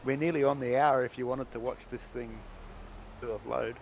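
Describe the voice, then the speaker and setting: A man's voice: medium pitch, steady tone, moderate pace, vocal fry, slight background noise, rough recording. A man chatting casually as a co-player in a game, joking and laughing along. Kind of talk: casual gameplay chat.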